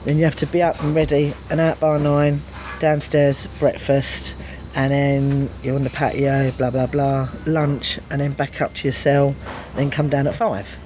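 A woman's voice: measured pace, hardly any pauses. Foul-mouthed woman telling stories. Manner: animated, heavy swearing, laughs often, acts out quotes with big pitch jumps. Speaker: guest telling a prison story. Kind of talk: casual storytelling chat. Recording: noisy background.

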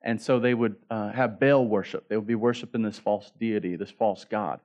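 A man's voice: fairly low pitch, fairly even intonation, normal speed, darkish tone, highs cut off. A man pastor preaching a sermon in a casual, joking way, acting out the story as he goes. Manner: casual, joking preacher who acts out the story in quoted voices.

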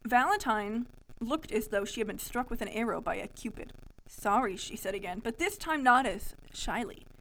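A woman's voice: fairly high pitch, lively intonation, moderate pace, fairly bright tone, a little hiss or hum. A young woman co-hosting a podcast, reading her childhood story aloud in bursts, giggly and self-mocking. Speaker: podcast co-host.

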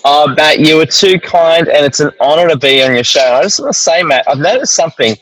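A man's voice: fairly high pitch, a little fast, no echo, low-quality recording. A man with an Australian accent, a guest in a casual interview, upbeat and joking. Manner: upbeat, joking, lively intonation. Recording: faint background noise.

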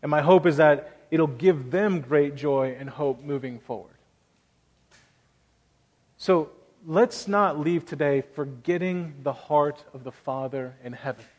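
A man's voice: fairly high pitch, measured pace, a little mellow, big-room sound. A man in his thirties preaching a sermon as pastor, earnest and conversational, telling personal stories.

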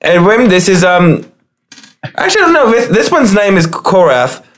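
A man's voice: sits high, sing-song, moderate pace, a bit bright. A man playing a tabletop game, describing his character's actions loosely with many fillers. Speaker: player. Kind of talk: casual play at a tabletop game.

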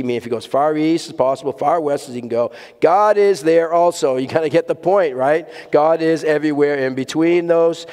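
A man's voice: fairly high pitch, a little fast, few pauses, darkish tone, clean tone. Emphatic man preaching in a reverberant hall. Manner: emphatic, earnest, repeats key words for stress. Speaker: pastor. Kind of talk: sermon. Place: church sanctuary with congregation.

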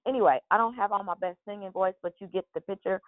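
A woman's voice: medium pitch, quick pace, no echo. Chatty woman on a tinny phone line. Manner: chatty and rambling, with many restarts and fillers. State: morning voice. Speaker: host of a daily prayer call. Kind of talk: casual devotional talk.

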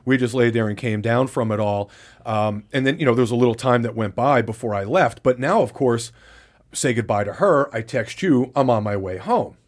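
A man's voice: mid-range voice, normal speed. Candid, profane man telling a story. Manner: candid, profane, blow-by-blow recounting. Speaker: podcast co-host. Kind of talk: casual storytelling chat.

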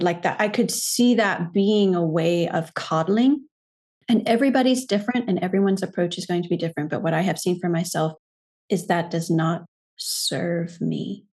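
Low husky-voiced woman coach. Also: moderate pace, a little mellow. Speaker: guest coach. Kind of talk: reflective podcast conversation.

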